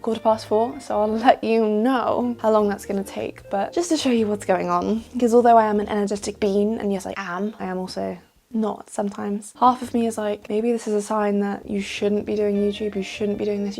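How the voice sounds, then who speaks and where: A woman's voice: medium pitch, creaky, a little mellow. A young British woman in her twenties, chatting to camera in a casual vlog, tired from little sleep, chatty and self-mocking. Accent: British English. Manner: chatty, self-mocking, jumps between topics. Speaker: vlogger.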